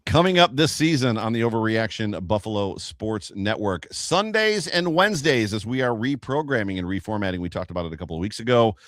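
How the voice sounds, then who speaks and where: Lively man hosting, low dry voice. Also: quick pace, hardly any pauses, no echo. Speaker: podcast host. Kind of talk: casual sports chat.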